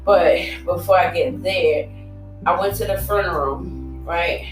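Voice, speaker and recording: A woman's voice: lowish voice, a little slow, soft background music. A young woman telling a candid personal story, bluntly and emotionally, swearing and laughing often. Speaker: storytelling host. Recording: echoey room, voice far from mic.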